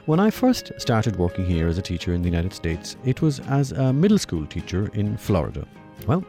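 A middle-aged Irish man giving a humorous scripted radio commentary, telling stories with wry timing. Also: gravelly. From Ireland. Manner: wry storytelling with lively shifts in pitch.

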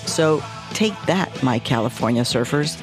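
A woman's voice: extremely low pitch, lively intonation, unhurried, music in the background. A woman reporter narrating a scripted radio feature with a wry, playful delivery.

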